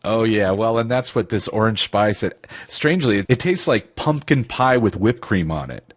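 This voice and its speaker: A man's voice: on the low side, expressive, normal speed. A man co-hosting a podcast in casual chat, rambling and giggly. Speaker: podcast co-host.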